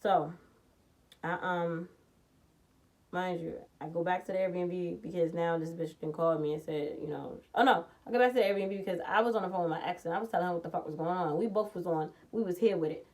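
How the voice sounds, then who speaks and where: A woman vlogger telling a personal story in a blunt, profane, animated way, jumping from loud outbursts to low muttering. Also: a little fast. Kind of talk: casual storytime vlog.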